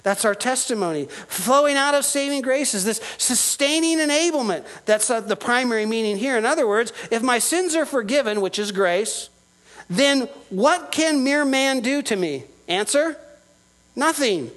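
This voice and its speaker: A man's voice: very high-pitched, lively intonation, normal speed, a bit bright, low-quality recording. A man preaching a sermon as pastor, earnest and emphatic, his voice rising and falling with the point he is making.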